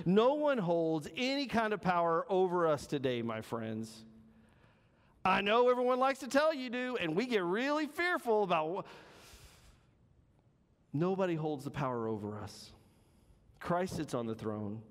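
A man preaching a sermon in a church, dramatic and emphatic, stretching out key words and swinging between loud and soft. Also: high-pitched, sing-song, unhurried, long reverb tail. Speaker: pastor. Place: church sanctuary.

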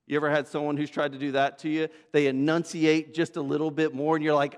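High-pitched guy preaching, chatty with little stories, big echoey church hall. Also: little pitch movement, fast, few pauses. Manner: conversational, anecdotal preaching with asides to the congregation. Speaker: pastor. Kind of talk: sermon. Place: church sanctuary. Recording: long reverb of a church hall.

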